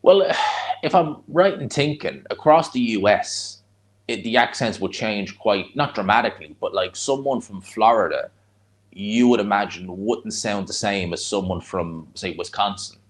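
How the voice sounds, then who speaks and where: A streamer from Ireland with a Dublin accent hosts a live watch-along of a boxing fight, reacting in a slightly low voice at a measured pace. In between, he talks bluntly with viewers and rambles from one point to another in a relaxed, conversational way.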